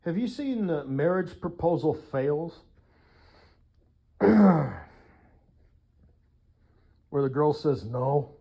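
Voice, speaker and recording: Rambling, profane man with a mellow voice. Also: mid-range voice. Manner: chatty, profane, laughs at own jokes. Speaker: vlogger. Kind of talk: rambling casual monologue.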